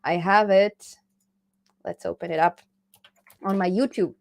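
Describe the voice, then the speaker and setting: A woman hosting a casual live stream about programming. She is chatty and laughs often, reading viewer comments aloud and answering them in an easy, relaxed flow. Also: lowish voice, unhurried, gravelly. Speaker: programming channel host.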